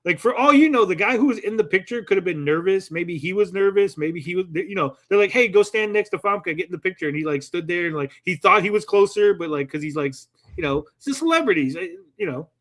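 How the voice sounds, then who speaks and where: A man's voice: high voice, lively intonation, a bit bright. A man co-hosting a livestream chat, rambling with many "like" fillers and acting out quoted people as he tells stories. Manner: acts out people in quick quoted voices. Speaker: podcast co-host.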